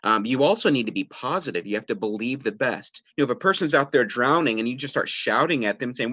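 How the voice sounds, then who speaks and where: A man's voice: medium pitch, expressive, quick pace, few pauses, a bit bright, no room sound. Casual man teaching parents, dry sound. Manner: conversational, frequent "right?" and fillers, acts out quoted lines. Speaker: parenting webinar presenter. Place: home or office, video webinar.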